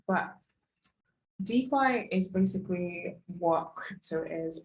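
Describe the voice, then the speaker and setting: A woman's voice: on the low side, a little mellow, roomy sound, low-quality recording. A young woman in her twenties teaching an online course lesson in a chatty, casual way, with lots of fillers and asides. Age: young adult.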